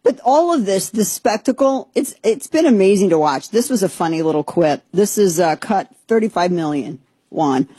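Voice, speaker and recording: A woman's voice: medium pitch, animated, normal speed, warm tone, slightly rough, dry recording. A woman hosting a podcast, giving chatty, sarcastic, rambling commentary. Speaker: podcast host. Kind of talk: opinionated casual commentary.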